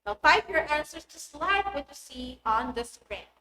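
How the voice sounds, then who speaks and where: A woman teaching an online English lesson, speaking in a clear and deliberate instructive manner. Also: high-pitched, lively intonation, pushed and bright. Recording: echoey room with faint noise.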